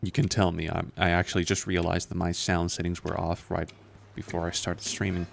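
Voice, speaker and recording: A man's voice: little pitch movement, brisk, creaky. A man with a somewhat American accent, commentating his gameplay on a live stream with profane, wry asides. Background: game sounds and rumble.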